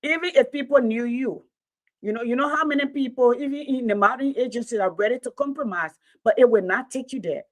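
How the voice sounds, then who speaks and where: A woman's voice: on the high side, brisk. A woman co-hosting a livestream discussion, emphatic and repeating words as she builds her point.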